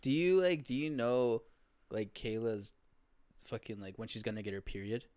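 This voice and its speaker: A young man co-hosting a casual podcast who tells long, rambling stories and breaks into laughter. His voice sits at an ordinary middle pitch for a man. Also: animated, moderate pace, darkish tone. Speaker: podcast co-host. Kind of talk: casual chat.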